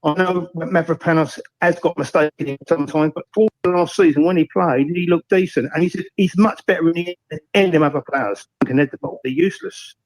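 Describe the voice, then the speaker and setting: A caller on the phone, rambling and hesitant as he talks football. His voice sits a bit high, and the sound is very dry and close. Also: a little fast, few pauses, no room sound, rough recording. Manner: rambling, hesitant, full of ums.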